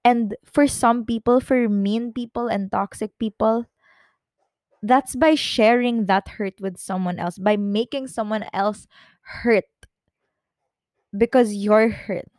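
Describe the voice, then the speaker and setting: A woman's voice: fairly high pitch, steady tone, slow, a little mellow, no echo, clean studio sound. A young woman hosting her own podcast, talking in an emotional, rambling way, tearful at times. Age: young adult. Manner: emotional, rambling, with many restarts and fillers. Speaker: podcast host. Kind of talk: personal confessional chat.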